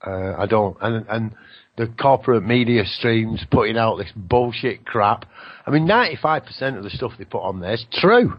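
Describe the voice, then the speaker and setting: A man hosting a radio show rambles through a spiritual monologue in a lowish, animated voice at a moderate pace, with the highs cut off. Now and then he swears and slips into mocking voices to imitate other people.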